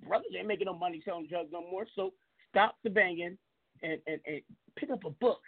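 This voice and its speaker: A man's voice: high-pitched, expressive, fairly quick. A man in his fifties hosting a call-in radio talk show, rambling and preachy in a heartfelt way. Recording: tinny phone-line audio.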